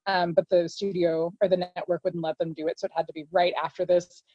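A woman co-hosting a podcast, casually recapping an episode and acting out the characters' lines in quick voices. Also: on the low side, level tone, no echo, muffled recording. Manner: chatty, quotes characters in quick put-on voices. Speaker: podcast co-host.

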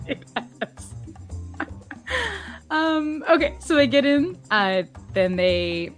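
A woman co-hosting a podcast, chatting casually about a TV episode with frequent laughs and quick asides. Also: high-pitched, lively intonation, faint music behind. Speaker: podcast co-host. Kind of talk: casual chat recapping a TV episode.

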